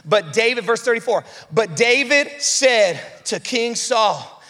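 A man preaching a sermon as pastor, fervent and animated, acting out voices and calling out to his congregation. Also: high-pitched, measured pace. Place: large church hall. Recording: long reverb of a large hall.

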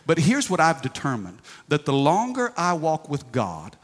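Preaching with a folksy, emphatic manner, a pastor in his forties invites responses from his congregation. His slightly high voice swoops wildly in pitch at a moderate pace, echoing with the long reverb of a large hall.

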